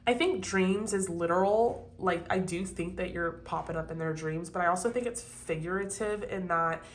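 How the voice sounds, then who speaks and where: A woman's voice: on the low side, moderate pace. A young woman doing a casual tarot reading at home, chatty and swearing freely, sniffling from allergies. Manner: chatty and swearing, talks to viewers. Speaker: tarot reader. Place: home, kept quiet for sleeping child.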